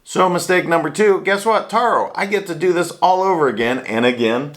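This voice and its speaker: A man's voice: fairly high pitch, fairly quick. A man hosting a casual chat from a small home studio, upbeat and self-deprecating about his mistakes. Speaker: host.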